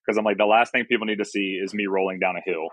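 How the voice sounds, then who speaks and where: A man's voice: on the low side, steady tone, fast, a bit bright, no room sound. A man from the Southern US, a podcast guest chatting casually and joking about himself. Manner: chatty, self-deprecating, easy laughs. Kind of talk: casual conversation.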